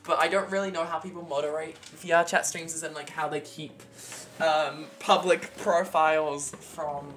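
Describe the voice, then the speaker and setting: A woman hosting a live stream in casual chat, rambling, excitable, swearing and laughing often. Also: sits low, normal speed. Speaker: streamer host.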